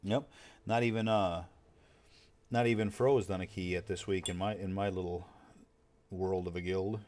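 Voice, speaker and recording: A man's voice: low-pitched, steady tone, normal speed, noisy background. A man chatting casually while streaming a game, rambling and swearing freely in a laid-back way. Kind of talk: casual chat while gaming.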